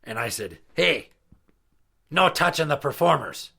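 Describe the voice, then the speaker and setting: A man's voice: fairly high pitch, big pitch swings, a little slow, creaky, bright, forceful tone, breathy edge, heavily acted. A man voicing a crude, boastful male pirate party entertainer who tells profane stories in a comedy podcast skit. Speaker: regular character.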